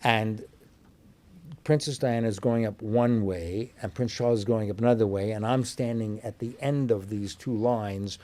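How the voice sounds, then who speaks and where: An older man with an American accent spins his stories loosely, full of ums and restarts, with a small laugh never far off. His voice sits on the low side. He comes from New York. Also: steady tone, moderate pace, warm tone. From New York, USA. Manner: rambling, with many fillers and restarts, chuckling. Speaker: interview guest, actor. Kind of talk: casual anecdotal storytelling.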